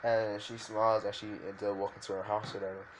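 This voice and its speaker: Male narrator, lowish voice, loose off-the-cuff storytelling full of fillers. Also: flat delivery, quick pace, slight background noise. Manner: rambling, filler-heavy, frequent restarts. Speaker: fan fiction storyteller.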